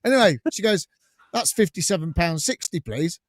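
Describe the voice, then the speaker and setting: A man's voice: high voice, moderate pace, no room sound. A man co-hosting a fan podcast, telling anecdotes and acting out the dialogue with laughter. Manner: animated storyteller acting out dialogue, laughing often. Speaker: podcast co-host.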